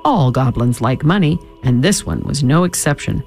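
A man reading a children's storybook aloud, with expressive, dramatic storytelling. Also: medium pitch, normal speed, faint music behind.

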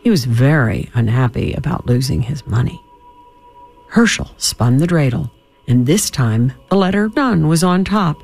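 A man reading a children's storybook aloud, with expressive, dramatic storytelling. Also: fairly high pitch, unhurried, gravelly, faint music behind.

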